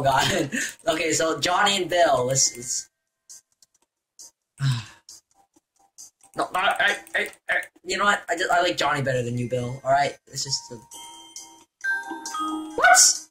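A young man giving excitable, jokey commentary while playing a video game. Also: medium pitch. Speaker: gaming YouTuber. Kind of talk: gameplay commentary.

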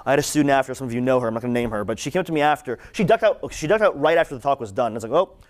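A young man giving a conversational sermon-style talk to students, animated and repeating phrases for emphasis. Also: medium pitch, racing. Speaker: campus ministry speaker.

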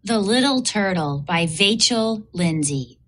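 A woman teacher reading children's poems aloud for a lesson, slow, clear and expressive. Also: mid-range voice, slight background noise.

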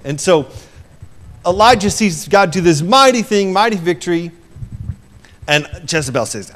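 A man preaching an informal sermon and retelling a scripture story, conversational, shifting from hushed to loud and emphatic and acting out the quoted lines. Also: fairly high pitch, animated, moderate pace.

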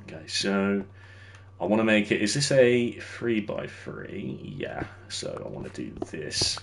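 A man's voice: fairly low pitch, big pitch swings, measured pace, vocal fry, slight background noise. A young man streaming a game, chatting with viewers while he builds and laughing easily. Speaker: livestreamer. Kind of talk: casual gameplay commentary.

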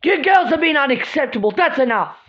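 A woman's voice: high-pitched, lively intonation, a little fast, a bit bright, muffled recording. A woman voicing a strict adult dorm supervisor who gives firm, scolding orders in a homemade drama. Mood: stern. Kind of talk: amateur dorm drama role-play.

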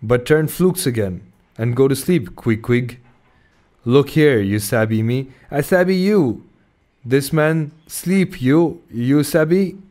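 A folksy innkeeper, voiced by a male reader, talks in rustic grammar at an ordinary middle pitch. He sounds easygoing as he speaks in this audiobook reading. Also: takes it slowly, darkish tone, natural voice. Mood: coaxing. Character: grinning innkeeper, adult male.

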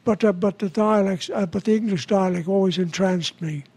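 High-voiced older man, halting storyteller. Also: a little mellow, breathy edge. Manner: halting, many restarts and chuckles. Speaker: guest. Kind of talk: anecdotal interview chat.

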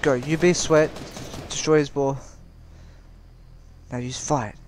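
A young man giving live gameplay commentary as a gaming channel host, excitable and exasperated, pleading in bursts. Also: on the high side, slow pace, slight background noise.

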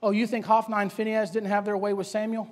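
A man's voice: high-pitched, flat delivery, fast, in a large hall. A male preacher delivering a sermon, hammering the congregation with rhetorical questions. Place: church sanctuary.

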